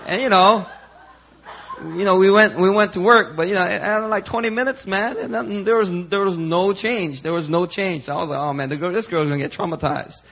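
A male preacher with a somewhat high, bright and forceful voice. He tells a testimony in a loose, chatty sermon style, full of "you know" and "like." His delivery is animated and conversational rather than formal. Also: a little fast. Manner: animated, chatty storytelling with many fillers.

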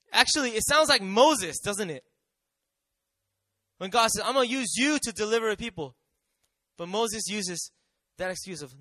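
A man's voice: high voice, expressive, normal speed, long pauses, bright, forceful tone, dry recording. A man preaching a sermon in a conversational way, often asking the audience questions and acting out quotes.

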